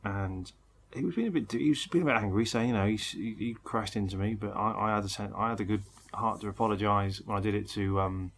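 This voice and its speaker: A man's voice: on the low side, fast talker, few pauses, a bit bright, a little hiss or hum. A tired man co-hosting a casual chat show, rambling and wry, and often laughing. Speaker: podcast co-host. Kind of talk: casual chat about motor racing.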